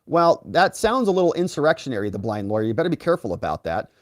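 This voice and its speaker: A man hosting a live legal commentary stream, reading out viewer comments and giving sarcastic, animated asides. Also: mid-range voice, fast, dry recording, studio quality. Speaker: lawyer and livestream host.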